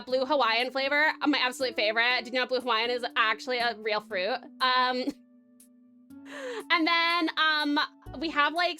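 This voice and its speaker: A woman's voice: sits high, bright, forceful tone. A woman putting on a gushing valley-girl bestie voice, sing-song and full of "like".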